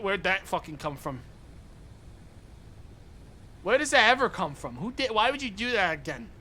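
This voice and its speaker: A young man streaming a game live, talking to his chat, excitable and swearing often. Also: high voice, a little hiss or hum.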